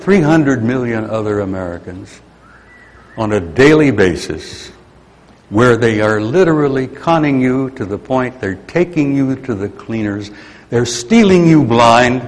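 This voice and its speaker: A man's voice: medium pitch, sing-song, measured pace. An older man giving a rambling, grumpy, folksy talk to an audience. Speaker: speaker addressing an audience. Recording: long hall reverb.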